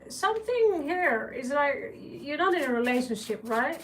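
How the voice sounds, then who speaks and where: A woman's voice: high-pitched, very animated, moderate pace. A woman with a Norwegian accent giving a casual live tarot reading, chatty and joking, with blunt swearing. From Norway. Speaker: tarot reader. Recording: distant mic with faint background noise.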